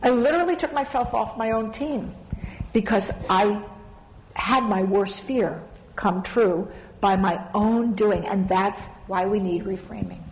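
A middle-aged woman telling a self-mocking story on a panel, animated and laughing through it. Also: medium pitch, a little slow. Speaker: panel speaker. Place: large conference hall. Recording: hall reverb, faint background noise.

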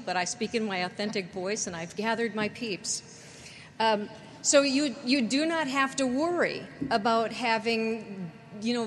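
A woman moderating a panel discussion, talking energetically and chattily. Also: on the high side. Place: conference hall with audience. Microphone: handheld microphone. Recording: reverberant hall, faint noise.

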